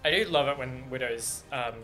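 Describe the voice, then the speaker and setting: A young man giving casual, excitable, rambling reaction commentary on video game cinematics, laughing often. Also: mid-range voice, moderate pace, faint music behind.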